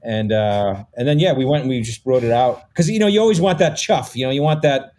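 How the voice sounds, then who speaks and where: A man's voice: medium pitch, expressive, fairly quick, a little mellow. Rambling, swearing man telling stories. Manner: rambling storytelling, many fillers; swears casually. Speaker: podcast guest. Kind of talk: casual conversation.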